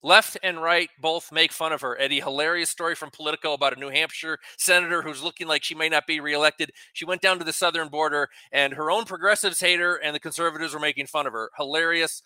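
A male radio co-host with a rather bright, slightly high voice, recorded close and dry. He reads facts from his notes in a chatty tone and breaks in with quick asides. The sound is plain studio talk. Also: clean tone, dry recording. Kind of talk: casual radio talk, reading news items.

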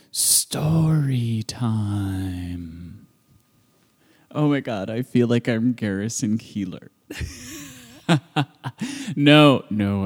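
Young man from rural Iowa, mid-pitched, slow and chatty, sounding off in a reverberant hall. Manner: chatty, self-mocking, lots of ums and laughs. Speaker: storyteller. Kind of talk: casual storytelling monologue.

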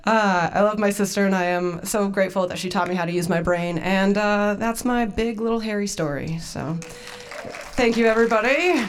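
A woman's voice: mid-range voice, moderate pace, clean tone. A woman in her twenties hosting a storytelling night, telling a personal story in a casual, self-deprecating way with frequent laughs.

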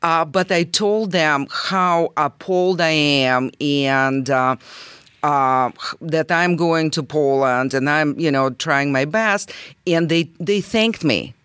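A man with a Russian accent talks earnestly in an interview, his voice sitting a little high for a man. He stops and restarts often and fills gaps with hesitations. The sound is dry and close, with no room around it. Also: fairly bright tone, clean tone, no room sound. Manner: earnest, halting, many restarts and fillers. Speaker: guest. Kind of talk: interview conversation.

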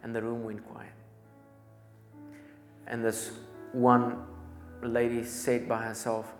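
A man's voice: mid-range voice, monotone, takes it slowly, pauses often, faint music behind. A man preaching a sermon in a church, telling a story with urgency and repeated phrases. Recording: echoey church hall.

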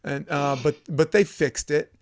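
A man, a volleyball coach, telling a long animated story in a casual chat, acting out what people said. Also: on the high side, unhurried, crowd noise. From United States. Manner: animated storyteller, acts out quoted lines. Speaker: podcast guest, volleyball coach.

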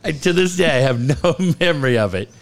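A man co-hosting a casual podcast chat, his voice sitting a bit high and swinging widely in pitch. He tells stories animatedly, laughs often and swears freely. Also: animated, fast, gravelly. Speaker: co-host.

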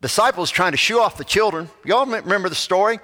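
A man preaching a sermon as pastor, moving between loud animated passages and soft, hushed ones. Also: high voice, fast, long reverb tail.

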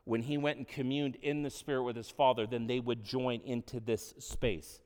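A man's voice: medium pitch, fairly even intonation, moderate pace, darkish tone, smooth, big-room sound. A man preaching a sermon as a pastor, earnest and conversational, with offhand asides. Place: church hall.

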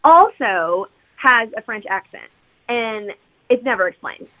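A woman's voice: on the high side, animated, a little slow, lo-fi sound. A woman co-hosting a podcast, recapping a movie as a chatty, rambling storyteller. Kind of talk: casual chat recapping a movie.

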